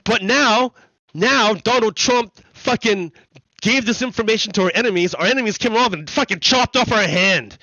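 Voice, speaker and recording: High, bright-voiced ranting streamer man. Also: moderate pace, dry recording, lo-fi sound. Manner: profane, heated, repetitive ranting. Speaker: livestream host. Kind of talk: ranting commentary during a gaming stream. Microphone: streaming desk mic.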